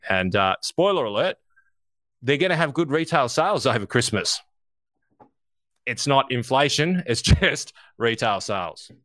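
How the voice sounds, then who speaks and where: A man co-hosting a podcast, giving animated, casual market commentary, swearing freely and speaking straight to listeners. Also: mid-range voice, a little slow, dry recording, clean studio sound. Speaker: co-host.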